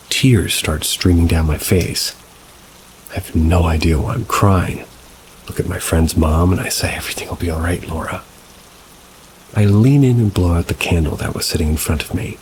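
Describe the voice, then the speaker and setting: Deep-voiced man narrating ghost stories over rain. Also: background noise. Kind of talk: scripted narration of reader-submitted stories. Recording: rain sounds mixed behind the voice. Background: steady rain ambience.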